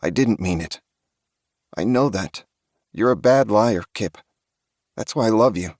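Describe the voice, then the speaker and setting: A man voicing a frightened, tearful young woman survivor in an audiobook, with a soft, pleading delivery. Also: on the low side, lively intonation, measured pace, no room sound, clean studio sound. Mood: tender. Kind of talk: audiobook character voice.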